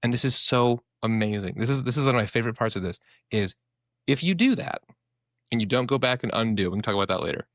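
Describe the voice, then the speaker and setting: Fast-talking animated man, lively pitch. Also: no echo, studio quality. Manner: animated, swears casually, acts out inner voices. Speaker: therapist, podcast co-host. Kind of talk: casual podcast explanation.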